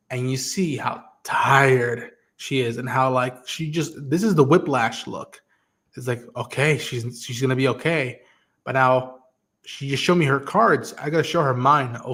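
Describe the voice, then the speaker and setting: A man's voice: medium pitch, a little slow, a bit bright. A man hosting a podcast livestream, talking casually and animatedly, swearing and acting out characters' lines as he recaps. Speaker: podcast host. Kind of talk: casual livestream talk about an episode.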